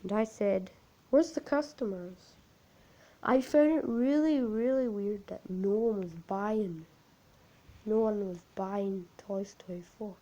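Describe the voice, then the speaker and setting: A woman telling an amateur creepypasta story in a halting, repetitive, unpolished way. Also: medium pitch, warm tone, highs cut off.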